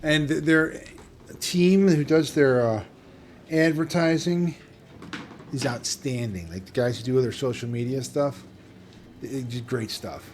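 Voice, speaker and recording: A man hosting a gaming channel offers laid-back let's-play commentary at an unhurried pace, his voice at a medium pitch. He wanders from thought to thought, breaking off his own sentences, while racing engines and other game audio play underneath.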